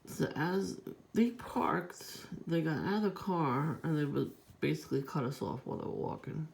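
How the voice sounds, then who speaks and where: A woman's voice: low voice, animated, moderate pace, vocal fry, darkish tone, slight background noise. A woman with a stuffed-up, congested voice, rambling and swearing through a casual vlog rant. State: congested, nasal from a cold. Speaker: vlogger.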